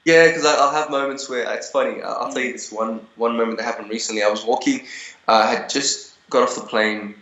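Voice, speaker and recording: A man's voice: mid-range voice, steady tone, a little fast, a bit bright, reverberant, lo-fi sound. A young man being interviewed over a video call, telling stories in a rambling way with many restarts and fillers.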